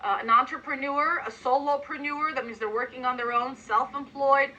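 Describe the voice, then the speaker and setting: A woman giving an energetic coaching talk to a sales team, acting out sample pitches with emphatic delivery. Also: moderate pace, muffled recording, slight background noise. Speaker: sales trainer.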